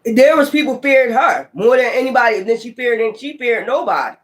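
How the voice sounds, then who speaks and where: Brief: a profane, animated tarot reader with a mid-pitched voice, talking through the cards. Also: fairly quick. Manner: animated, profane, calls listener child. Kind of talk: casual tarot reading.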